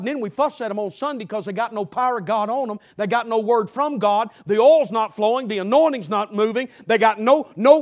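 High-voiced preacher man. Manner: emphatic, repetitive, humorous preaching. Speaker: pastor. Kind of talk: sermon.

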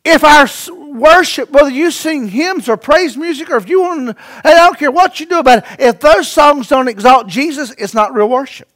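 Man, very high-pitched voice, pastor, sermon, loud-to-hushed delivery, rhetorical questions. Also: moderate pace, few pauses. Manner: dynamic preaching, swings from loud to hushed.

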